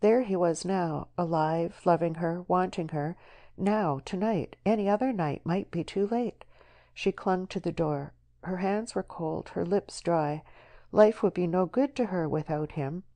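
A woman narrating an audiobook novel in a measured, expressive storytelling manner. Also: fairly low pitch. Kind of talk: scripted narration.

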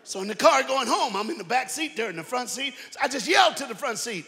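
Animated preaching man in reverberant hall. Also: very high-pitched, quick pace, hardly any pauses. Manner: animated, shouting preaching with crowd call-outs. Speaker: guest preacher. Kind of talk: energetic sermon. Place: large church auditorium.

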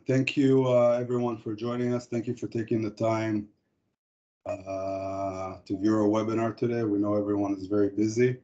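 A man presents a corporate product webinar over a computer microphone, his voice low-set and mellow. He talks haltingly and stops often to find his words. The audio is dull and lo-fi, the way a web call sounds. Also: level tone. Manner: halting, frequent hesitations.

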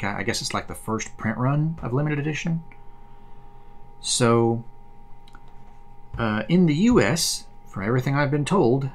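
Chatty man explaining collectible cards. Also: medium pitch. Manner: chatty, rambling with fillers and restarts. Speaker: card collector host. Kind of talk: casual explainer video.

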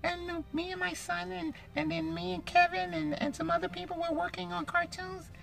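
A man's voice: little pitch movement, normal speed, vocal fry, fairly bright tone, exaggerated voice. A man doing a sweet little cartoon girl. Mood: sweet, chatty. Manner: high girlish squeak. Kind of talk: cartoon voice acting.

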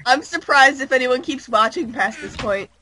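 A woman chatting in a casual game session, giggly and quick with exclamations. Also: sits high, bright, forceful tone, rough recording. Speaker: gaming guest. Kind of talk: casual gaming banter.

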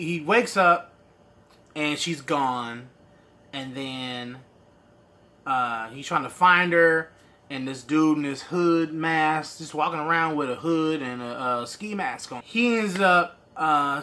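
A man's voice: a little high, slow, sharp tone. A man reviewing a movie in a loose, slangy casual chat, laughing often and acting out his own reactions.

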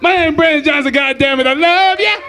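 A man's voice: extremely high pitch, quick pace, crowd noise, noisy background. A man doing a crude, profane stand-up comedy set on a club stage, laughing at his own jokes.

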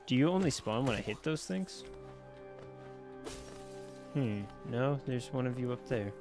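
A man giving casual gameplay commentary into his desk mic, chatty and quick to exclaim, talking back to the enemies on screen. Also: mid-range voice, animated, over music. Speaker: let's play gamer. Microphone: personal desk mic.

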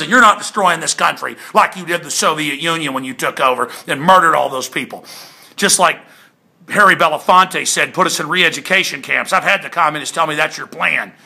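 A male talk radio host launches a furious political rant, shouting scornful tirades with repetitive, hammering delivery. His high, gravelly voice has a sharp, forceful edge. The recording is dry and close.

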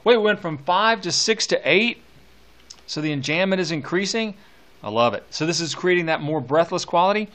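A man's voice: fairly high pitch, lively intonation, normal speed, a bit bright. A male teacher lecturing on poetry with enthusiasm, reading verse aloud with relish.

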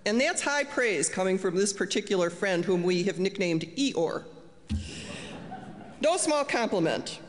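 A woman's voice: mid-range voice, expressive, a little slow. Woman giving a formal introduction. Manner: formal, reading a prepared introduction. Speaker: event host introducing the speaker. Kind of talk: prepared introduction. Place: lecture hall. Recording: long reverb of a lecture hall.

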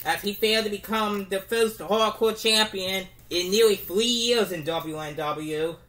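A commentator calling a home-made toy wrestling show, with halting restarts and bursts of excitement. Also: medium pitch.

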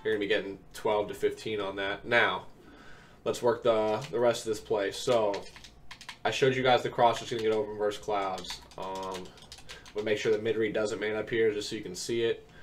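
A young man with a fairly low voice and fairly even intonation talks at a moderate pace, giving casual gameplay commentary while he recovers from an illness. He explains plays step by step with lots of ums, on a distant mic with faint keyboard noise audible.

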